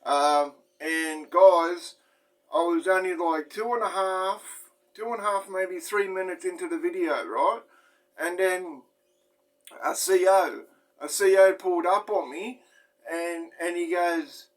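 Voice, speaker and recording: A man's voice: high-pitched, a little slow, recorded from a distance, low-quality recording. A middle-aged Australian man, a former inmate, telling a story casually to his viewers, blunt and swearing, often restarting his phrases. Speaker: YouTube host, former inmate.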